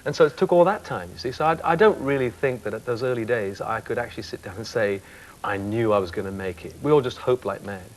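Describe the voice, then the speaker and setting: A man's voice: medium pitch, fast, rough recording. A man in his fifties reflecting candidly on his singing career as a talk show guest. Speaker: singer, guest. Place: TV studio.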